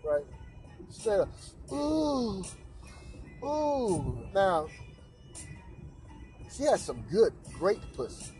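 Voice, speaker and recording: Man, podcast host, crude storytelling, profane, slangy, fairly high voice. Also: expressive, slow pace, pauses often, a little mellow, soft background music. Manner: profane, slangy, repeats filler tags.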